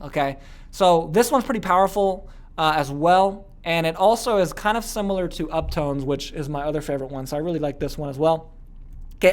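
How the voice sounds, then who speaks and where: A man teaching a sales training lesson, energetic and often checking in with "okay?". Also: on the high side. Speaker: business coach.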